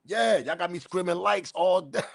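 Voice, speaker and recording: A man's voice: sits high, normal speed, creaky, no room sound, clean studio sound. Heated ranting man hosting a livestream. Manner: loud, heated, profane, addresses chat directly. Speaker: livestream news host. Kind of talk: ranting live commentary.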